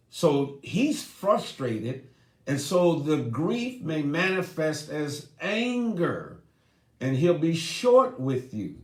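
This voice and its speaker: Slow, earnest man speaking in an echoey room. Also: mid-range voice. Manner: earnest, deliberate, addresses audience directly. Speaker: grief speaker. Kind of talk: seminar talk.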